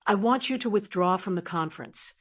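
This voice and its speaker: A woman's voice: mid-range voice, lively intonation, brisk, a bit bright, breathy edge. Woman voicing a stern corporate boss lady, clipped, cold, threatening, storybook reading.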